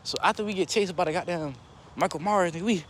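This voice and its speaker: A young man telling a casual story in a slangy, animated way, jumping into higher voices for quotes. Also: fast talker, slight background noise.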